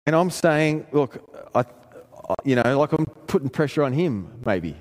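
A man's voice: expressive, a little slow. Aussie preacher guy telling a story from the pulpit, earnest, voice ringing around a big hall. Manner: earnest storytelling, pitch climbing in emphatic passages. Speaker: pastor. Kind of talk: sermon with personal story. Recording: long hall reverb.

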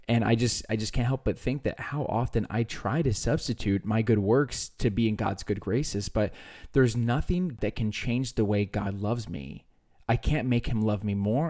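Young guy chatting on a faith podcast, kinda low, mellow, wanders off mid-thought a lot. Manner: rambling, hesitant, many fillers. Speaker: podcast co-host. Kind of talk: casual faith podcast chat.

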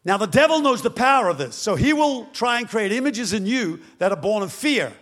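High-voiced man preaching dramatically. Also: very animated, a little fast. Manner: dramatic, storytelling, swings to shouting. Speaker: pastor. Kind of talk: sermon.

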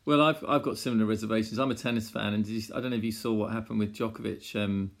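A man with a gravelly, fairly low voice talks through a casual podcast chat. He speaks in a measured, hesitant way, with frequent pauses and restarts. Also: steady tone. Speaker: podcast co-host.

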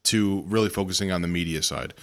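A man's voice: low voice, fast talker, fairly bright tone. A man hosting a podcast in casual chat, joking and asking questions in an upbeat way. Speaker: podcast host.

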